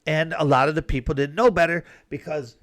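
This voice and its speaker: A man with a somewhat high speaking voice delivers an indignant, heated opinion monologue. His talk is loose and conversational, peppered with "man" and "you know". He sounds fired up throughout. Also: steady tone, fairly quick, a bit bright. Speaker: commentator.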